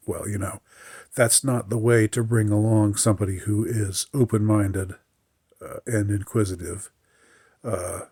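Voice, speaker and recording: A man in a casual solo monologue, his voice low and a little husky. He halts often, restarts his sentences and fills pauses. The sound is dry and close, with no room around it. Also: darkish tone, no room sound. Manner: halting, many fillers and restarts; reflective, mildly aggrieved. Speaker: podcaster.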